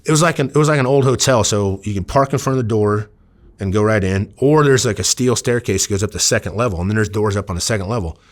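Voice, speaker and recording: A man's voice: fairly low pitch, fast talker. A man from Iowa, a former undercover officer, telling stories casually in an interview, rambling with many fillers and acting out quoted dialogue. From Iowa, USA.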